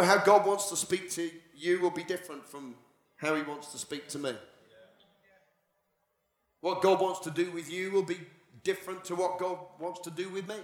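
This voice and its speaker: A male pastor preaching a sermon, moving from dramatic, animated storytelling to hushed, near-whispered passages. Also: high-pitched. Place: church. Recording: echoey church hall.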